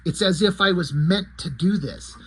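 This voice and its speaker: A man reading the lines of a brave, loyal hero in his own slightly husky voice, with no character voice. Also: sits high, moderate pace. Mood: calm resolve. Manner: read plainly in the narrator's own voice. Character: loyal, brave adult male hero with a jetpack.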